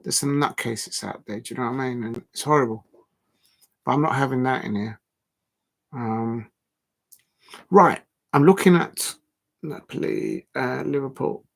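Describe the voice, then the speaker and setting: Gravelly man chatting on a livestream. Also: medium pitch, moderate pace. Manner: rambling, many ums and restarts, blunt. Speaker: livestream host. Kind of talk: casual live-stream chat.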